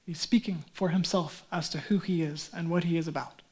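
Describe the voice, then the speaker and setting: A man's voice: fairly high pitch, steady tone, fairly quick, a little mellow. A man, a pastor, preaching a sermon in a conversational way, often asking and answering his own questions.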